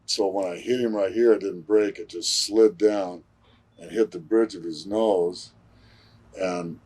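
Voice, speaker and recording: Husky, deep-voiced man telling war stories. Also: measured pace, a little mellow. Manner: blunt, profane storyteller. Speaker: pro wrestler. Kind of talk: casual interview storytelling.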